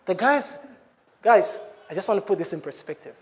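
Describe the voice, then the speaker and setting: A man preaching a sermon in an animated way, breaking into laughing asides. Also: high voice, normal speed.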